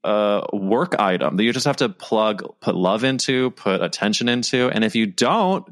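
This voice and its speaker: Low-voiced man hosting a casual chat. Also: animated, moderate pace, fairly bright tone. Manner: friendly, thoughtful, asks follow-up questions.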